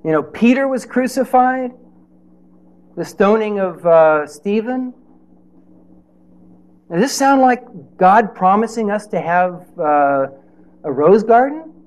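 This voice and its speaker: A man's voice: high voice, lively intonation, takes it slowly, pauses often. A man preaching a sermon in a conversational way, with rhetorical questions and playful asides.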